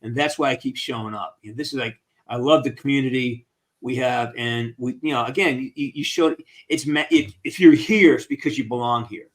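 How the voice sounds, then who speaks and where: An upbeat man chatting with fans over a video call, his pitch sitting in a middling range. He talks in a casual, encouraging way, rambling on and circling back to his points. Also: brisk. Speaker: actor hosting a fan Q&A. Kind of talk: casual live-stream chat.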